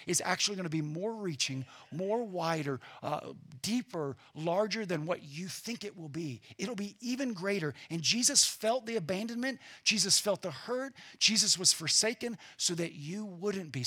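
A man preaches a sermon as a pastor, earnest and emphatic, though at times he drops into a quiet, reflective tone. His voice sits on the high side with a breathy edge.

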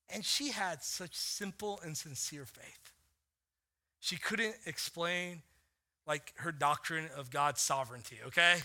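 A middle-aged man preaching a sermon as pastor, telling a family story in a casual way with many fillers, dropping to a hush and then rising to animated bursts. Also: on the high side.

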